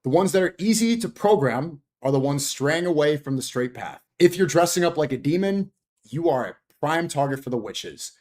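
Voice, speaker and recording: A man's voice: fairly high pitch, animated, moderate pace, a little mellow. A man delivering an earnest, preachy warning about faith and temptation. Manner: earnest, moralizing.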